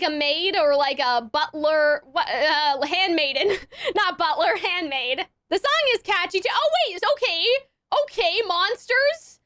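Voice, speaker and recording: A woman's voice: very high-pitched, pushed and bright, no room sound, studio quality. A woman in her twenties giving chatty, giggly reaction commentary to an anime episode, full of fillers and little laughs.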